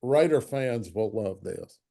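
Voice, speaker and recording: Guest: sixties male sportswriter, warm low-key timbre, yarn-spinner who voices the people he quotes. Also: lively intonation, slow, vocal fry. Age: 60s. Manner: anecdotal, acts out quotes in other voices. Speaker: longtime football writer, guest. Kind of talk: storytelling interview chat.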